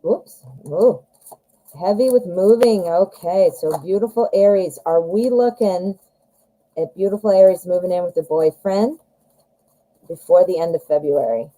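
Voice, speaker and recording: A woman's voice: fairly low pitch, measured pace, dark tone, rough recording. A woman giving a live-stream tarot reading, chatting directly to viewers with lots of fillers and friendly asides. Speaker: tarot reader.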